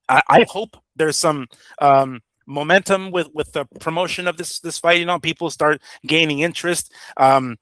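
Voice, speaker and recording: A man's voice: on the high side, fairly bright tone, no echo. A man co-hosting a boxing show, talking loosely and profanely with many fillers. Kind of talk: casual podcast chat.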